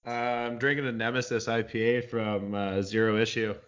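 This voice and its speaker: A man's voice: medium pitch, flat delivery, moderate pace, a bit bright, lo-fi sound. A man telling a story on a casual podcast in a laid-back, profane way, often laughing. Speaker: podcast co-host.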